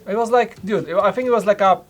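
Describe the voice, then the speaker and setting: A man's voice: high voice, soft background music. A man co-hosting a live build stream, joking and chatting casually. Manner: joking, chatty, quick to laugh. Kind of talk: casual chat while building. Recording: noisy mic with keyboard clicks.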